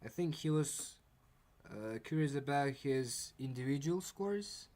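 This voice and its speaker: A man's voice: medium pitch, expressive, measured pace, darkish tone. Hesitant man thinking aloud. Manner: hesitant, many fillers and restarts. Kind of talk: casual chat on a video call.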